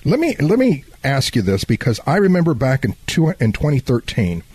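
A man hosting a radio talk show, asking questions in a halting way with many fillers. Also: medium pitch, huge pitch swings, a little mellow, husky, dry recording. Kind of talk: radio interview.

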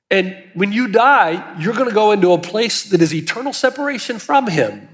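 Male pastor, high voice, earnest emphatic preaching, long hall reverb. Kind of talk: sermon.

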